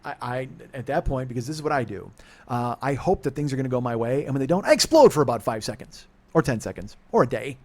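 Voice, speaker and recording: A man in his forties with a mid-range voice tells a confessional comedy story. His delivery is profane and self-mocking, and it swings between low, quiet muttering and sudden loud outbursts. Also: animated, quick pace. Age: 40s. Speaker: podcast host.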